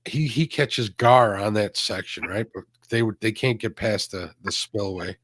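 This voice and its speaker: A man's voice: fairly low pitch, measured pace, fairly bright tone, husky, no echo. A man co-hosting a fishing show, chatting easily, reading out viewer comments and telling a friend's story. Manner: easygoing, reads viewer comments, chuckles. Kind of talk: casual chat while fishing.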